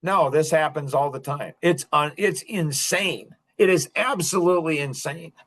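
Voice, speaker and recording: A man's voice: on the high side, moderate pace, a bit bright. A middle-aged man hosting a podcast, talking in an impassioned, repetitive monologue and breaking into short laughs. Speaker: podcast host.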